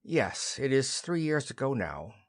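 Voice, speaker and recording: Weary timid widow, read by a man, subdued and quiet, slow pace, dry close sound, audiobook play. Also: mid-range voice, sing-song, gravelly, no room sound, full character voice. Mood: dejected. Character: widow Mrs Lynde, dejected, timid, weary.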